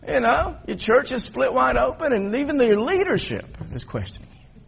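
Gravelly, husky male preacher. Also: very high voice, normal speed, highs cut off. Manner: animated storytelling, swings from loud to quiet. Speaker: pastor. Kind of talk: sermon.

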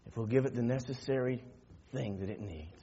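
A man preaching a sermon, telling a story that swings from quiet murmurs to loud shouting. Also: mid-range voice, a little fast, highs cut off, a little hiss or hum.

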